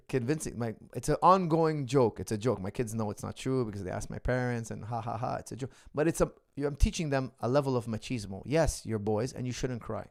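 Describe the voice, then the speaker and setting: A middle-aged man with a rough, gravelly voice hosts a live question-and-answer stream as a martial arts coach. He tells stories and jokes, pressing his points with emphasis. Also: medium pitch. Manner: emphatic, joking storyteller. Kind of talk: livestream Q&A chat.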